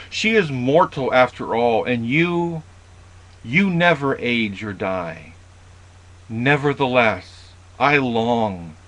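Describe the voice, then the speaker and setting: A man reading aloud, in a slow and loud declamatory way, the lines of a weary, resolute male hero answering a goddess. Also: medium pitch, rough recording.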